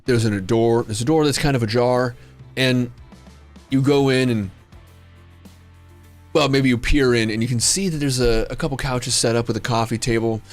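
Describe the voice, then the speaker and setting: A man narrates a tabletop game as its game master, describing rooms and calling for rolls. His voice sits at an average pitch, and he often restarts his phrases. Faint music plays underneath. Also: moderate pace, long pauses.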